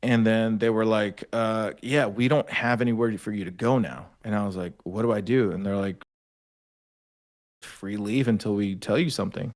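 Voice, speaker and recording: Profane storytelling guy, lowish voice. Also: moderate pace. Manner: profane, animated storyteller acting out quotes. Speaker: podcast guest, army veteran. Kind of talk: casual storytelling chat.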